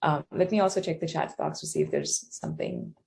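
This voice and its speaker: A woman's voice: low-pitched, wildly swooping pitch, fairly quick, creaky, darkish tone. A woman hosting a live audio Q&A, friendly and laughing, with frequent ums. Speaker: host.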